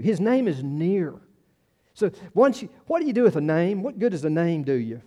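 A man's voice: fairly high pitch, sing-song, normal speed, warm tone. A man in his sixties preaching a sermon in a folksy, conversational way, repeating words and telling personal stories. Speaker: pastor.

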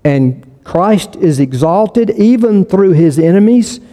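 Male pastor, conversational sermon delivery with repeated phrases, warm tone, church reverb. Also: high voice, lively intonation, slow pace. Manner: conversational, with frequent restarts and repetition for emphasis.

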